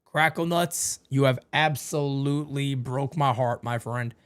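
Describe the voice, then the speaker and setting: A man's voice: medium pitch, level tone, a little slow, clear, resonant tone. A man hosting a live fan watch party, calling the plays and chatting with viewers in a playfully melodramatic way that repeats phrases. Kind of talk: live fan play-by-play and chat.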